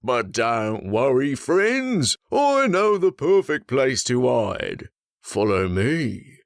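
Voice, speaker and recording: A woman voicing a cunning fox who talks in a slow, coaxing way. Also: rumbling low, big pitch swings, no echo, studio quality, full character voice. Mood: sly. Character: sly smooth-talking male fox, cunning.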